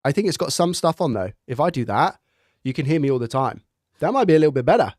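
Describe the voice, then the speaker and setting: A man hosting a live stream chats casually and thinks out loud while repeatedly testing his studio dynamic microphone up close. His voice is fairly high with a darkish tone, very animated and fast, and there's no room sound.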